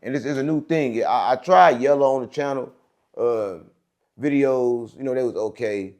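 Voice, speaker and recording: A man's voice: medium pitch, normal speed. A man hosting his own show, telling a rambling story in a casual monologue and checking in with his audience as he goes. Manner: rambling, repeats "right?" and "gang", animated. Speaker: show host.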